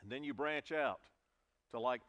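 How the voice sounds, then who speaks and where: A pastor from Virginia preaches a sermon in a church sanctuary, earnestly stressing key words and repeating them for emphasis. His voice is mid-range and a bit bright, at a normal speed.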